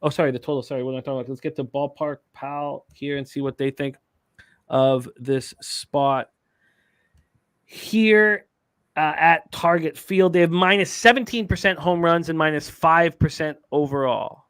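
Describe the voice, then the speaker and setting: A man's voice: fairly high pitch, moderate pace, a bit bright, clear, resonant tone, no echo. A man hosting a live sports betting show, reading stats and chat comments with frequent fillers.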